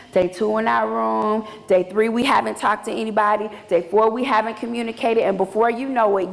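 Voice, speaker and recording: A woman's voice: a little high, vocal fry. A woman minister preaching a sermon with emphatic repetition, heard in an echoey church hall. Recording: echoey hall with long reverb.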